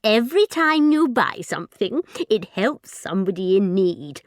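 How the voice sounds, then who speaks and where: A gentle, kindly shopkeeper, voiced by a woman narrating a storybook. She speaks softly and in a friendly way, and the sound is dry and close. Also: medium pitch, big pitch swings, normal speed, no room sound, close to an everyday voice.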